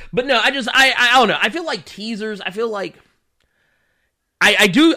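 A man's voice: fairly high pitch, sharp tone. A man in his thirties hosting a casual livestream, ranting with profanity and laughing often while he reacts to chat. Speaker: livestream host.

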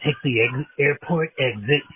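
A man voicing a sleazy male radio ad announcer, with a hyped, swooping sales pitch. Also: normal speed, breathy edge. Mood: hyped, salesy. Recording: tinny phone-line sound.

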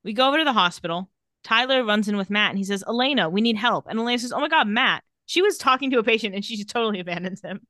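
A woman's voice: a little high, expressive, quick pace, pushed and bright, no echo, studio quality. A woman casually recapping a TV episode and reading the characters' lines with light sarcasm. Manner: retells scenes and reads quotes with light sarcasm. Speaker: podcast co-host recapping a TV episode.

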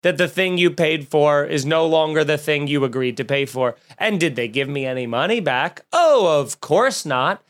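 A man's voice: a little high, a bit bright. A young man hosting a podcast, chatting casually and telling stories in a rambling, joking way. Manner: rambling, jokey storyteller with many restarts. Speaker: podcast host and comedian. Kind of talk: casual chat.

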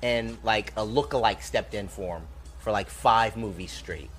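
A man's voice: lowish voice, moderate pace, fairly bright tone, husky, faint music behind. A man co-hosting a casual movie chat, dropping dry, wry asides. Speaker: podcast co-host.

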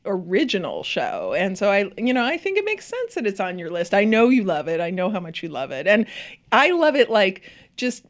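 A woman's voice: mid-range voice, huge pitch swings, normal speed. A woman co-hosting a casual TV chat, talking effusively with lots of fillers and laughter. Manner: chatty and effusive, many fillers, laughs often. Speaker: podcast co-host.

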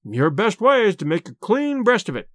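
A self-satisfied detective boasts of his work, as played by a male reader. His pitch runs high and animated. The sound is dry and close. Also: normal speed, dry recording. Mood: brisk. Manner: eager, boastful storytelling. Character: brash, self-pleased police detective, a man.

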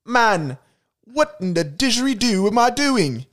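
A man's voice: extremely high pitch, big pitch swings, measured pace, a bit bright, pitched above the performer's own voice, exaggerated voice. A young man putting on a mock Australian accent as an announcer in an improvised joke commercial. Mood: hammy. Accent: put-on Australian.

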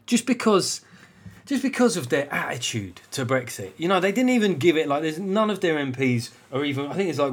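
A middle-aged English man, a comedian hosting his podcast in a casual, rambling, sardonic monologue with plenty of swearing. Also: a little high. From England.

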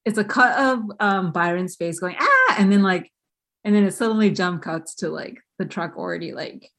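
A woman's voice: on the low side, moderate pace, vocal fry. Giggly woman podcast co-host. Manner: giggly, animated. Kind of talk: casual chat recapping a film.

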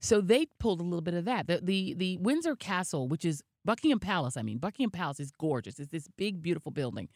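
A woman co-hosting a casual chat podcast, telling stories in an animated, gossipy way. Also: on the low side, fast talker, few pauses, no room sound, studio quality. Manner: animated storytelling, gossipy asides. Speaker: podcast co-host.

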